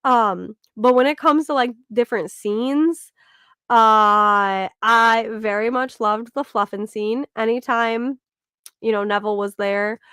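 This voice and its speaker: A woman's voice: fairly high pitch, takes it slowly, fairly bright tone, clear, resonant tone, no room sound, studio quality. A woman chatting casually in a book club discussion, full of "like" fillers and restarts.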